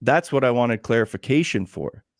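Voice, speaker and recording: A man's voice: medium pitch, animated, moderate pace, dry recording, clean studio sound. A man hosting a podcast, talking casually and aggrieved about how he was treated, swearing often. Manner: aggrieved, heavy swearing, blunt. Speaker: podcast host. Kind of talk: casual uncensored podcast chat.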